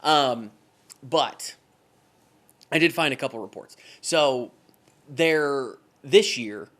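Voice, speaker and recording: Man, podcast co-host, tired, rambling, halting casual chat. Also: mid-range voice, a bit bright. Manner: rambling, halting, full of restarts and fillers. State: tired, yawning.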